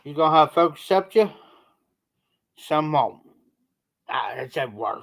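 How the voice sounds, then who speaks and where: A man with a southern Ohio accent chatting casually on a livestream, slow and rambling in a folksy way. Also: fairly high pitch, expressive, creaky, fairly bright tone. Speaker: livestream host.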